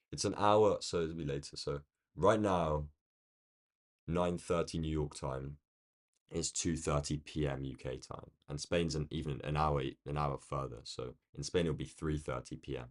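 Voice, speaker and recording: A man with a London accent chatting casually on a live stream, rambling along and answering viewers' comments from a quiet room. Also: very deep voice. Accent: London English. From United Kingdom. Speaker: day-trading live streamer.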